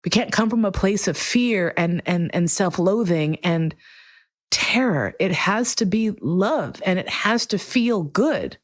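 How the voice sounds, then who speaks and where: A middle-aged woman hosting her own podcast, talking earnestly and emotionally, swearing freely, in slow, deliberate phrases. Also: medium pitch, lively intonation. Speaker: podcast host. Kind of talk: heartfelt solo podcast monologue.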